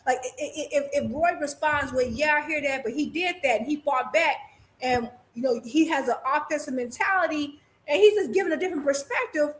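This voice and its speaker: A woman on a boxing panel makes her case in a high voice. She stumbles, restarts and corrects herself as she goes. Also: low-quality recording. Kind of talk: casual boxing debate.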